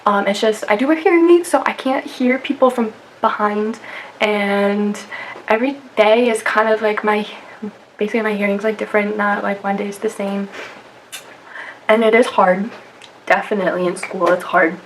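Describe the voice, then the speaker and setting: A woman's voice: medium pitch, steady tone, moderate pace, low-quality recording. A young woman vlogging in a casual chat to camera, filling her talk with "like" and "um". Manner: chatty, many fillers and "like". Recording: faint background noise.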